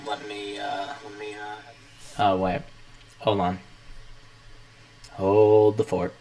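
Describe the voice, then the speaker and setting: A young man with a fairly low voice hosts a relaxed livestream. He rambles in a laid-back way and narrates each step of his setup. The delivery is chatty and unhurried. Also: a little hiss or hum, low-quality recording. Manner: rambling, talks himself through the setup. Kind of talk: casual livestream chat.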